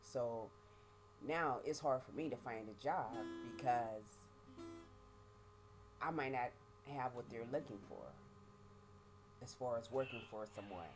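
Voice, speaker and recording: A middle-aged woman giving a halting, emotional personal testimony, often repeating words and speaking of her faith. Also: very deep voice, music in the background. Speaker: vlogger sharing life after prison.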